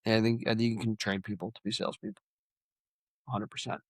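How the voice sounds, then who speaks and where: A man's voice: fairly low pitch, fairly even intonation, fast talker, vocal fry, slightly rough, no room sound. A man speaking as a podcast guest in a casual, plain-spoken way, with many restarts. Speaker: guest, sales company leader. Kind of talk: podcast interview.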